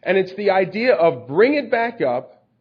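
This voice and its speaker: Man, preacher, conversational sermon, fairly high voice, dull lo-fi sound. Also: sing-song, a little slow, husky. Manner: conversational, explains scripture with everyday stories. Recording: dull lo-fi recording.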